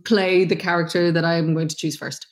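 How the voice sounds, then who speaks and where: A woman's voice: on the low side, little pitch movement, normal speed. A woman guest on a podcast, chatting casually with frequent laughs.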